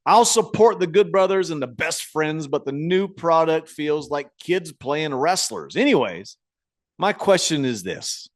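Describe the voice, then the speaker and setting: A man's voice: fairly high pitch, expressive, a little slow, no room sound, studio quality. A man in his forties co-hosting a casual podcast, reading listener emails and often breaking into laughter between stumbling restarts. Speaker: podcast co-host.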